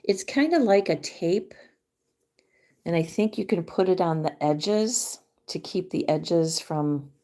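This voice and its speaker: Middle-aged woman vlogger, lowish voice, unhurried, hushed casual chat while crafting. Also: lively intonation. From Michigan. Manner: soft-spoken, drifting into near-whispers.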